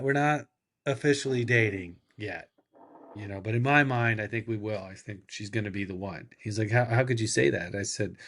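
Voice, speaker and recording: A man guest telling a casual anecdote, acting out the dialogue as he goes. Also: mid-range voice. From California, USA. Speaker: podcast guest. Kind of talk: casual storytelling.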